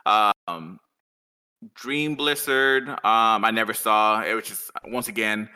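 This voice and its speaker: A man talking as a podcast guest in a rambling, animated way with lots of fillers. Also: lowish voice, takes it slowly, smooth. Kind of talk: casual podcast chat.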